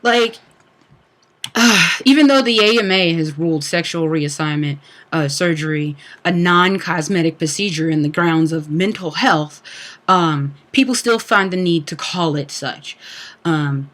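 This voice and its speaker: A man's voice: a little high, unhurried, a bit bright. A young man giving an angry, profane personal rant on a livestream, full of fillers and restarts. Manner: profane, heated, frequent fillers. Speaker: speaker on a livestream talk.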